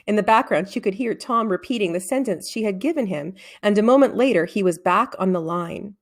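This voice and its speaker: A woman reading a children's novel aloud in an expressive storytelling manner, shifting into character voices. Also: mid-range voice, a little fast, hardly any pauses. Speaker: reader. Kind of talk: children's book read-aloud.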